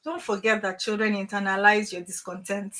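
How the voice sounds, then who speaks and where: Over a video call, this middle-aged transformational coach motivates parents with lively energy and a stream of forceful rhetorical questions. Her pitch is medium and her pace fairly quick.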